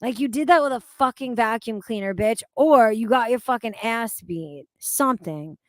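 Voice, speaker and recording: A woman streams live, reading chat comments aloud and reacting bluntly, profanely, and with exasperation. Her voice is a little high and animated at a moderate pace, recorded dry with clean studio sound.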